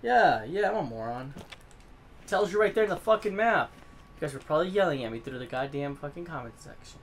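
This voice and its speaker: A man giving let's-play commentary as a gaming host, swearing a lot and swinging from low muttering to yelling at the game. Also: expressive, fast talker, a little hiss or hum.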